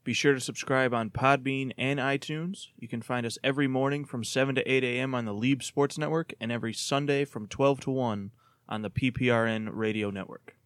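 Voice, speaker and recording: A man at a middle pitch chats casually and reads the show's plugs and social media handles. His voice is close-miked and dry. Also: steady tone, a little fast, no echo. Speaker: podcast co-host. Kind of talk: casual chat among friends.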